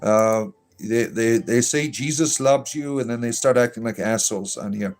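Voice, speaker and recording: A man's voice: mid-range voice, moderate pace, a little mellow. A man hosting a casual livestream and answering viewer chat with irreverent, sardonic banter, speaking in a put-on lilting accent that sounds a bit Irish.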